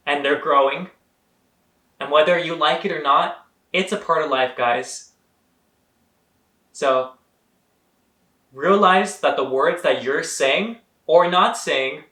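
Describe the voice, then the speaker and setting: Bright-voiced earnest young man vlogging. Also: on the high side, reverberant. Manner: earnest, talks straight to viewers, calls them guys. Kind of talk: motivational vlog monologue.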